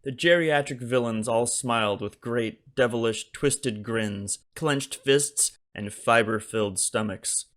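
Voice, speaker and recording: A man, the author, narrating his own comic novel as an audiobook in a wry, deadpan delivery. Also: mid-range voice, slow, hardly any pauses.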